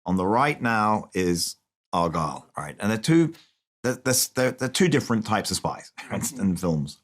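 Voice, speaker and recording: A man's voice: lowish voice, normal speed. A man being interviewed about his film work, telling loose, rambling stories in a casual chat and acting out the people he quotes. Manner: animated, acts out quoted voices, rambling restarts, frequent swearing. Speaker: film director guest. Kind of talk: casual anecdotal storytelling.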